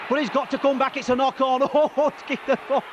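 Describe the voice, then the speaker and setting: Hoarse, very high-pitched commentator. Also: male voice, lo-fi sound. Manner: excitable, partisan, rattling off player names. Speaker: rugby league commentator. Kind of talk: live match commentary. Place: outdoor rugby ground. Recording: noisy outdoor broadcast.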